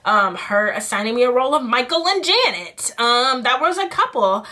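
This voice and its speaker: A young adult woman talking candidly in a casual storytime vlog, animated and full of fillers while she does her makeup. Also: a little high, normal speed. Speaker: vlogger.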